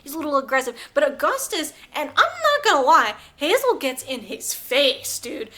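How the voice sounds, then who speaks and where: A woman's voice: sits high, big pitch swings, normal speed, hardly any pauses, sharp tone. A woman co-hosting a podcast, recapping a film in casual chat with lots of fillers and profanity. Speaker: podcast co-host.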